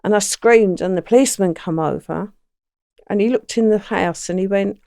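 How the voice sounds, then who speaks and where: A woman's voice: medium pitch, moderate pace, vocal fry, warm tone, no echo, clean studio sound. A woman as an interview guest, giving a plain, matter-of-fact first-person account with quoted dialogue.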